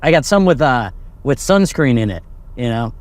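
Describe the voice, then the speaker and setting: A man's voice: medium pitch, sing-song, normal speed, no room sound. A young man co-hosting a comedy podcast, chatting casually, teasing and laughing often. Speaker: podcast co-host.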